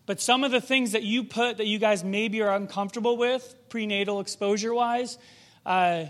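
A man's voice: sits high, normal speed. A man preaching a sermon in a conversational, reflective way, often posing rhetorical questions to the congregation.

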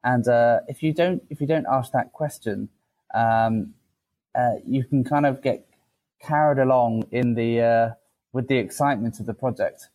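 Guy hosting a podcast, mid pitch, loose rambly chat with lots of ums. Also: moderate pace, darkish tone, rough recording. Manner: hesitant, many fillers and restarts. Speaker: podcast host. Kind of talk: casual podcast interview.

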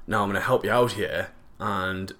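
A man's voice: low voice, normal speed, a bit bright. A young man, chatting casually and jokily to camera, rambling with lots of fillers and slang. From northeast England.

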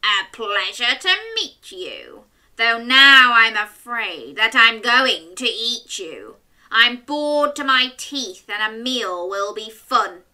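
A woman's voice: on the high side, animated, slow, pushed and bright, full character voice, low-quality recording. A woman playing a sly big bad wolf. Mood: menacing.

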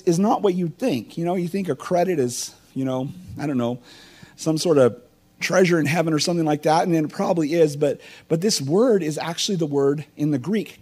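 In a chatty, informal sermon, this middle-aged teaching pastor poses questions to his listeners and tells personal stories. He has a high-sitting, slightly mellow voice with a breathy edge.

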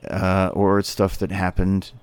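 A man's voice: low voice, monotone, a little slow, darkish tone, clean tone, no room sound. A man in his sixties, a psychologist and addiction counselor, hosting his podcast in a loose, rambling monologue full of fillers.

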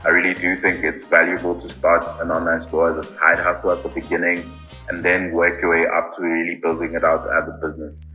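A man speaking as a podcast guest, earnest and deliberate, often pausing with ums and repeating "I really think". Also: low-pitched, completely flat delivery, pushed and bright, soft background music, rough recording. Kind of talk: casual interview answers.

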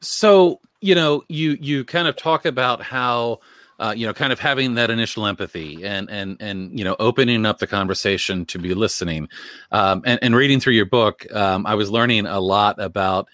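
A man's voice: on the low side, normal speed, a bit bright, no echo, studio quality. A man interviewing an author, asking a long question with hesitant fillers.

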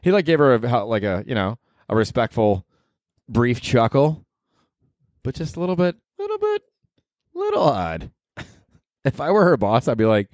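A man's voice: mid-range voice, wildly swooping pitch, moderate pace, long pauses, darkish tone, dry recording, studio quality. A young man hosting a comedy podcast, rambling and cursing in a self-mocking way. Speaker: podcast host. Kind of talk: casual comedic monologue.

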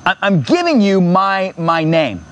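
A man pastor preaching an impassioned sermon in a church, repeating phrases and rising to near-shouts. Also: high voice, big pitch swings, a little slow, dull audio.

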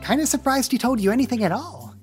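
Excitable young gal as the game master puts her on, high and lively, soft music behind. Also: quick pace, close to an everyday voice. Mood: chatty. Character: excitable young woman, a father's daughter.

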